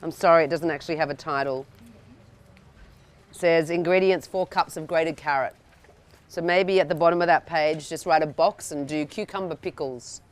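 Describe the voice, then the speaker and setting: A woman's voice: deep voice, normal speed. A woman teaching a cooking workshop to a live group, chatty and checking in with the audience, often restarting her sentences. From Australia. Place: indoor workshop room with an audience.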